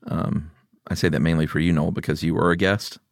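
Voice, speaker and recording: A middle-aged man hosting a podcast in casual chat, relaxed and laughing easily as he reads out listener picks. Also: rumbling low, brisk, creaky, no echo, studio quality. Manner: laid-back, laughs often, reads listener picks aloud. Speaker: podcast host.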